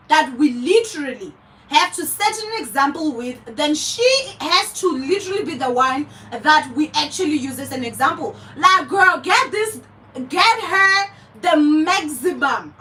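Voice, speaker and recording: High, bright South African woman ranting. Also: distant mic, slight background noise, poor audio. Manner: heated, profane, repeats herself for emphasis. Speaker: vlogger. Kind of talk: angry commentary rant.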